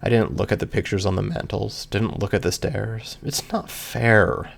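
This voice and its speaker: A man with a gravelly voice reading a first-person story aloud in an earnest, emotional way. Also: fairly low pitch, level tone, fairly quick, a little mellow. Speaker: reader. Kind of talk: scripted fan fiction narration.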